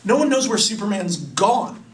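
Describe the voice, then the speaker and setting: A man excitedly pitching a story in a chatty, casual way, laughing at his own ideas. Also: normal speed, far from the mic, a little hiss or hum. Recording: roomy, away from the mic.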